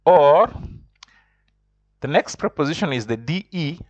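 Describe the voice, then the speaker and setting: Man teaching a slow, repetitive lesson. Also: medium pitch, expressive, dry recording, highs cut off. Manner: explains step by step, repeats himself often. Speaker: French teacher. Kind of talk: online language lesson.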